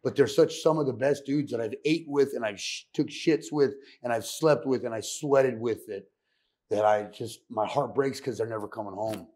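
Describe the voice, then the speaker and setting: A man from California, a podcast guest, telling his story candidly in a soft-spoken, profane, reflective way. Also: medium pitch, moderate pace, breathy edge. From San Fernando Valley, California.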